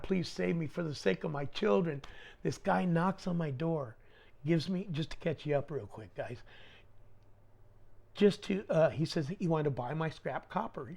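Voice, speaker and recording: Animated middle-aged man telling stories. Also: fairly high pitch, vocal fry. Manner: animated, slangy, acts out dialogue. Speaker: podcast guest. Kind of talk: casual storytelling.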